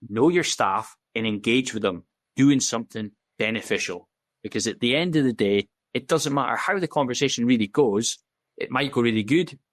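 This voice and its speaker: A man's voice: medium pitch, dry recording. A man, a podcast guest telling his story in candid, casual talk, blunt and full of swearing, acting out the dialogue he quotes. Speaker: podcast guest, safety officer.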